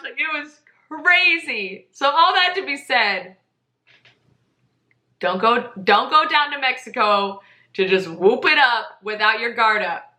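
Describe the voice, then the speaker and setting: A woman hosting a podcast, telling a story in a chatty, animated way and laughing often. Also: sits high, unhurried, echoey room. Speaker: podcast host. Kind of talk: casual storytelling monologue.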